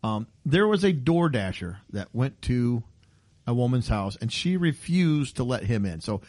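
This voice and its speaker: A man's voice: medium pitch, big pitch swings, a little slow, darkish tone. A man in his fifties hosting a casual comedy podcast, telling stories animatedly and acting out the people in them. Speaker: podcast host.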